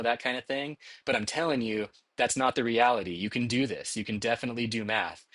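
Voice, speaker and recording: A man's voice: mid-range voice, fairly bright tone, no room sound. A middle-aged man teaching a math course in a conversational, encouraging way, often checking in with "okay?". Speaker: math instructor. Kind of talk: recorded lecture narration over slides.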